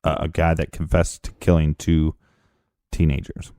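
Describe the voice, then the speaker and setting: Deep, blunt, indignant man. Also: monotone, moderate pace, dark tone, no room sound, clean studio sound. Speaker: podcast co-host. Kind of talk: true crime podcast chat.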